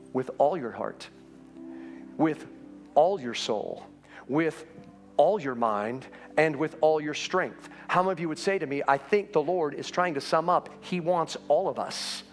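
Impassioned man preaching over soft music. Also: a little slow. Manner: impassioned preaching that climbs in pitch and urgency. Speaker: pastor. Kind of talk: sermon. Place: church sanctuary.

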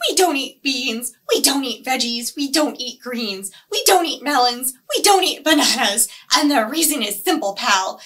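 A woman voicing an angry pack of piranhas, shouting indignantly in a picture-book read-aloud. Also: high voice, heavily acted.

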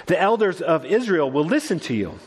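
A man's voice: on the high side, big pitch swings, fairly quick, slightly rough, big-room sound. A male pastor preaching a sermon, earnest and conversational, often restarting his phrases. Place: church sanctuary.

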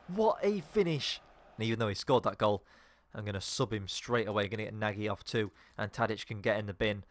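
A young man commentating on his own football video game, swearing and swinging from low muttering to loud outbursts. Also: brisk, dry recording. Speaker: gaming YouTuber. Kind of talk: live gameplay commentary.

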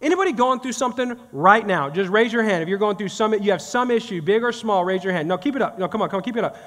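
A pastor in his thirties or forties preaches in a church sanctuary, joking conversationally and speaking straight to his congregation. His voice sits high, animated and a bit bright, and he talks fast. The church hall adds a long reverb.

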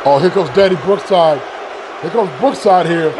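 A man giving excitable play-by-play commentary on a wrestling video game, repeating phrases and breaking into shouts at big moves. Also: high voice, normal speed. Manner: repeats phrases and restarts mid-call. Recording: loud game crowd and noise behind. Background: video game arena crowd noise.

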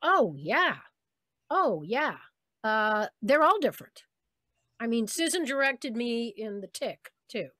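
A woman's voice: fairly high pitch, slow, dry recording. Chatty woman voice actress, dry sound. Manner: chatty, animated storyteller who slips into voices of people she quotes. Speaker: voice actress guest. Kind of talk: casual interview on a video call.

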